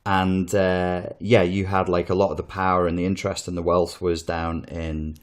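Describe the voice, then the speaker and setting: A man's voice: deep voice, level tone, normal speed. A man with a Northern English accent, hosting a podcast in casual, opinionated chat that rambles and swears. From Northern England. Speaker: podcast host.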